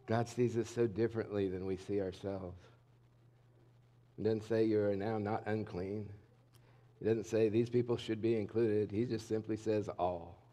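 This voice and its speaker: A middle-aged male pastor preaching a sermon in a candid, conversational way, swinging between emphatic and hushed lines. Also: lowish voice, steady tone, normal speed. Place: church sanctuary.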